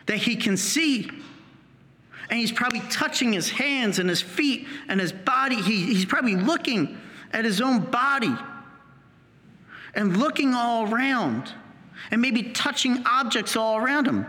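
Priest, male, high bright voice, animated homily, church reverb. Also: unhurried. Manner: animated storytelling, acting out the healed man's voice. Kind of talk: sermon.

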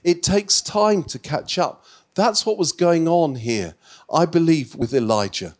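Animated male preacher with restarts. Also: unhurried. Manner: animated storytelling preacher, acts out Bible dialogue with rising pitch; frequent restarts and stammered repeats. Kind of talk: sermon.

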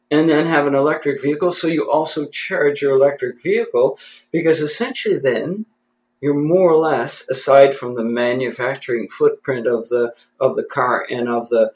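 A man's voice: a little high, poor audio. A man from Canada, a guest in an interview, talking in a thoughtful, self-deprecating way and often restarting his sentences. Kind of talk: conversational interview.

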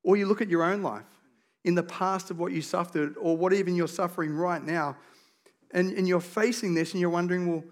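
A man with an Australian accent preaching a conversational sermon as a pastor, telling stories with lively, self-deprecating humour. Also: high-pitched, a little fast.

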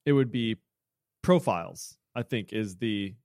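A man's voice: lowish voice, unhurried, a little mellow, smooth, no echo, clean studio sound. A man hosting a podcast who explains programming features in a chatty way, correcting himself and joking along the way. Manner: chatty, self-correcting, jokey asides. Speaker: podcast host. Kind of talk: casual technical chat.

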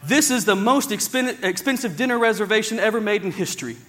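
A man's voice: high-pitched, animated, fast, a bit bright. A man pastor preaching a sermon in church, emphatic and repetitive, often restarting his words. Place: church service, also streamed to another campus.

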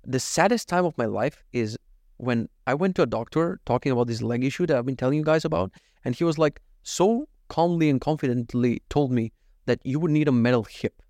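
A man's voice: mid-range voice, fairly quick, a little mellow, no room sound, studio quality. A man in his thirties telling stories in a casual chat, laughing and swearing, going off on tangents. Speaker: vlogger.

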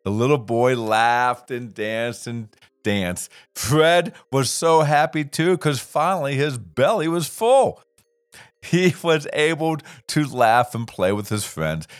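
A man telling a children's story in a gentle, unhurried, expressive way. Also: mid-range voice, clear, resonant tone, no echo, clean studio sound.

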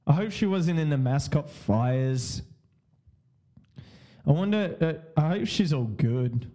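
A man with a high-pitched yet mellow voice tells a story in a loose, rambling way. He repeats himself, swears casually and breaks into laughter often. His pace is unhurried. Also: lively intonation. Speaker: podcast host.

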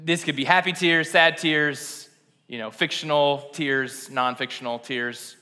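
Here the young pastor sounds on the high side, steady and unhurried, with a sharp tone. Preaching casually in a reverberant church sanctuary, he chats, makes fun of himself, and often laughs at his own expense.

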